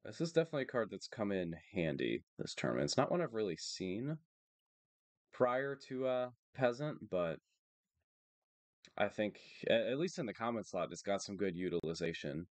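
A man streaming a card game tournament, calmly talking through the plays in a monotone, matter-of-fact way. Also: lowish voice, normal speed, no echo. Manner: steady and matter-of-fact, thinking aloud about plays. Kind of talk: live card game commentary.

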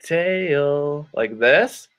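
A man teaching children English online, reading a storybook and acting out words in a slow, clear, animated way. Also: a little high. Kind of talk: playful ESL lesson for children.

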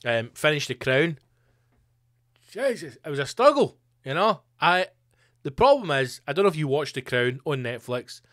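A man's voice: fairly high pitch, sing-song, moderate pace, fairly bright tone, no room sound, studio quality. A Scottish man, a comedian hosting his own podcast, rambling in a sweary, jokey monologue. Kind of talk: casual monologue.

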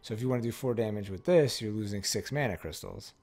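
A man's voice: fairly low pitch, expressive, fast talker, darkish tone, soft background music. A man giving casual, rambling commentary while opening card packs, often correcting himself and swearing freely. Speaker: card game pack-opening streamer.

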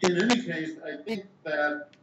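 An older man with a slightly high voice gives a measured academic explanation, thinking aloud as he goes. The sound is dull and echoey, with steady hiss behind him. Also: recorded from a distance. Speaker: philosopher interviewee.

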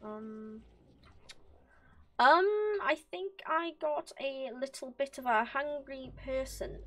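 A woman streaming a game live, excitable and swearing, talking to the game characters and to her chat. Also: sits high, slow pace. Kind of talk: live gameplay commentary.

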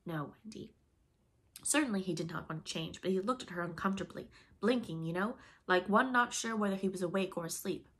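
A woman reading a storybook aloud in a steady, expressive manner. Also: medium pitch, quick pace. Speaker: audiobook reader. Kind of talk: storybook narration.

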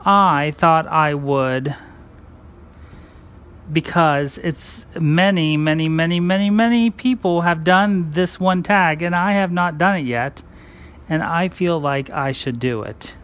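A chatty cross-stitch vlogger who talks at an unhurried, slow pace. The voice sits in a middle pitch and wanders from thought to thought in a casual, rambling way while stitching. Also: a bit bright.

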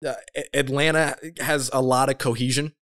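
Man, sports podcast host, emphatic, energetic, conversational, mid-pitched voice. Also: moderate pace. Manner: energetic and emphatic, with big swings in pitch and loudness; conversational, with fillers and self-corrections. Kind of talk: solo sports talk podcast.

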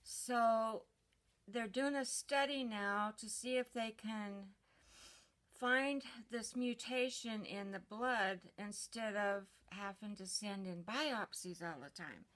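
Lady chatting to her camera at home, slow and unhurried, bright voice, lots of ums. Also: mid-range voice. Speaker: vlogger. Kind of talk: casual personal vlog update.

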